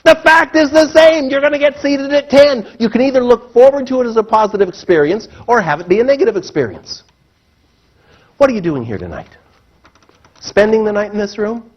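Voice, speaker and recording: A man giving a seminar talk to a live audience, animated and acting out the voices he quotes. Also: fairly quick. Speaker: motivational speaker. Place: seminar room. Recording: muffled low-fidelity recording.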